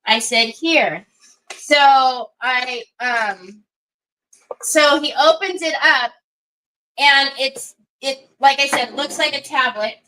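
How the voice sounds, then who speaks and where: A middle-aged woman hosting a craft livestream, chatting in a rambling way while she works and talking softly to a small child beside her. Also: sits high, slow, slight background noise, low-quality recording. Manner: rambling, chatty storytelling with many asides; soothing baby talk to a small child. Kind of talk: casual chat while crafting.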